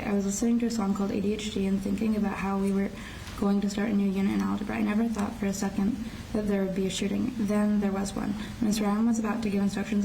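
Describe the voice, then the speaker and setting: Teen girl reading a court statement, mellow vocal fry, halting restarts, heard from a distant mic with faint hiss. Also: medium pitch. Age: teens. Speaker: shooting survivor giving a victim impact statement. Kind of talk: reading a prepared statement aloud.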